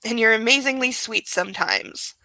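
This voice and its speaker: Possessive brooding young rich man, intense murmur, read by a woman in her own voice; bright, dry sound. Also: fairly high pitch, moderate pace, no echo, low-quality recording. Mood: tender.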